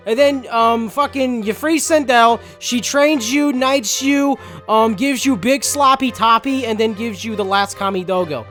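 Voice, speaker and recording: A man's voice: very high voice, a little slow, few pauses, a bit bright, faint music behind. A man giving a casual, sarcastic, profanity-laced recap of a game story as a reviewer.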